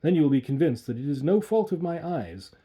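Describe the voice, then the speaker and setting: A man's voice: on the high side, big pitch swings, fairly quick, warm tone. Man reading a horror story dramatically.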